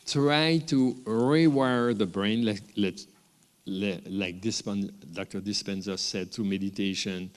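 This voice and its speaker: A man's voice: on the low side, steady tone, slow. A man with a French accent giving a rambling, unscripted graduation speech, with many restarts and small chuckles. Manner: rambling, warm asides, frequent restarts and chuckles. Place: large ceremony hall. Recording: long hall reverb from the ceremony room.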